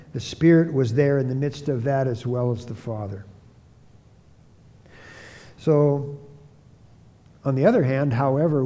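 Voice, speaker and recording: A man's voice: a little high, dark tone. Man preaching in a reverberant hall. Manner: emphatic, repeats key phrases. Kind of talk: expository Bible teaching.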